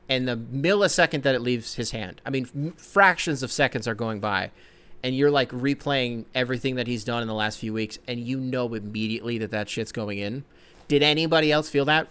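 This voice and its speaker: A young man hosting his own solo sports podcast, rambling and swearing, jumping between excited outbursts and low grumbling. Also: smooth. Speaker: podcast host.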